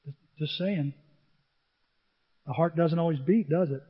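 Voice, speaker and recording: An older male pastor with a high voice delivers an animated, story-driven sermon, speaking a little slowly with a breathy edge. A long reverb from a large hall follows his words, and the recording sounds a little dull.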